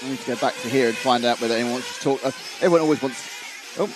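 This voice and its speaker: A man's voice: medium pitch, racing, noisy background. A man giving live race commentary on a stream, chatty and wry, reading viewer comments and tripping over names. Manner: stumbles over names and restarts.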